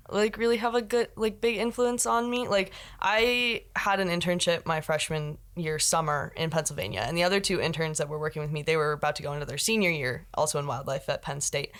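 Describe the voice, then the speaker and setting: A young woman speaks as a guest on an interview show, her voice sitting notably low for a woman. She talks in a casual, chatty way, peppered with fillers. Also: a bit bright. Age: young adult. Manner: chatty, uses many fillers like "like" and "um". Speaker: guest, recent university graduate.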